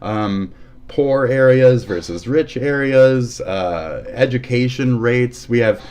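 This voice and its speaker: A man's voice: medium pitch, expressive, takes it slowly, a little mellow. A man streaming live, talking casually, swearing a lot and ranting angrily with sudden shifts. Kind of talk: casual livestream commentary.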